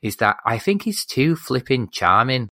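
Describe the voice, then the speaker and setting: A man co-hosting a podcast chats animatedly about a film, frequently stopping mid-sentence to start over. His voice is medium-pitched at a moderate pace, recorded cleanly in a studio with no room sound.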